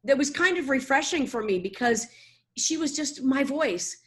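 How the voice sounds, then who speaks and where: Animated woman in her 60s, slightly high, playful guest chat. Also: moderate pace. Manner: animated, laughing, slips into voices. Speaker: voice actor, guest. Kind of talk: casual interview chat.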